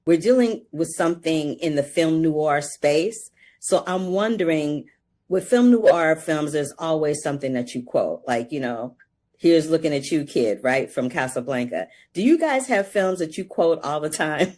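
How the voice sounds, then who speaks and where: A woman with a notably low voice leading an entertainment interview. She is chatty and laughs easily between questions. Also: lively intonation, normal speed, a little mellow. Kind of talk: press junket interview.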